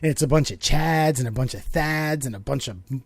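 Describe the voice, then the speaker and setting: A man's voice: medium pitch, moderate pace, creaky, no room sound. A man in his late thirties co-hosting a podcast, telling a rambling story, swearing freely and mimicking voices. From Baltimore area, USA. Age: 30s. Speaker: podcast co-host. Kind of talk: casual podcast banter.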